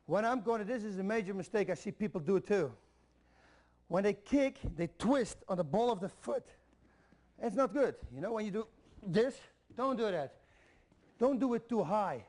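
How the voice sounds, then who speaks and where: A man with a high speaking voice walks students through kicking drills. He coaches in a direct, repetitive way and counts each step as he demonstrates. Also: a little mellow. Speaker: MMA instructor. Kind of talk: instructional video demonstration.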